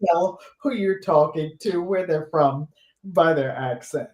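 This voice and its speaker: Older woman telling lively stories in an echoey room. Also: low voice, a little slow. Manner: animated storyteller, voices the people in her stories. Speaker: guest storyteller. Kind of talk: casual chat on a livestream. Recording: roomy echo.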